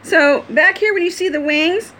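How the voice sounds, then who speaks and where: A woman's voice: very high-pitched, normal speed, sharp tone. A woman talking casually at home, explaining step by step how she handles her pet bird, laughing often. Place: at home indoors.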